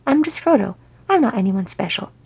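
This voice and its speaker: A woman's voice: mid-range voice, animated, brisk, vocal fry, darkish tone, slightly rough, no room sound, exaggerated voice. A woman voicing a young boy hobbit who is eager and shy, with breathless questions.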